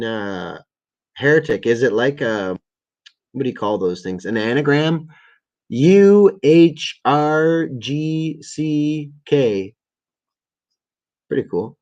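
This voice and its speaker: A man at a middle pitch hosts a loose livestream chat. He reads articles and comments aloud, trips over words, corrects himself and swears freely. He sounds a bit tired. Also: muffled recording. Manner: stumbling, self-correcting reading with frequent swearing. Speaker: livestream host. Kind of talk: casual live-stream chat, reading articles and viewer comments.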